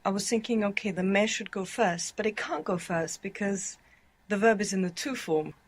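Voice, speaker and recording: A woman's voice: medium pitch, normal speed. A woman learning a language, answering carefully and thinking aloud about grammar. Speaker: language student. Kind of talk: language lesson practice.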